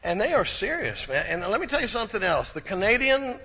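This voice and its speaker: A man from Austin with a Texan accent, telling an animated, self-deprecating recovery story to a conference crowd. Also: sits high, a little fast, husky. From Austin, Texas. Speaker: recovery speaker. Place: conference hall. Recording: dull echoey hall recording.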